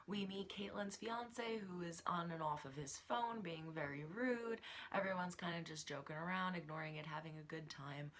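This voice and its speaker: A woman's voice: lowish voice, a bit bright. A woman giving a casual, chatty recap of a TV episode, often dropping into whispered asides. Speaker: TV show recapper.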